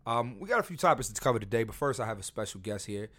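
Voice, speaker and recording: A man's voice: mid-range voice, lively intonation, quick pace, a bit bright, no echo. Brash, rambling man hosting a podcast. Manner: brash, profane, rambling with repeated restarts. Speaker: podcast host. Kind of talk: casual podcast chat.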